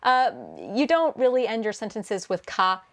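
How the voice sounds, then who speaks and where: A woman's voice: fairly high pitch, expressive, moderate pace. A young woman who works as a translator, answering viewer questions in a casual vlog, chatty and full of fillers. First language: English. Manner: chatty, many fillers and restarts, laughs often. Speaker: translator and video host.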